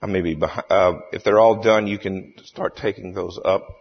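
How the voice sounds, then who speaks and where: A man chairing a church meeting, speaking haltingly with many fillers and restarts. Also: low-pitched, creaky, breathy edge. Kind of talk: formal meeting chairing with a joke. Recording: echoey hall, dull lo-fi sound.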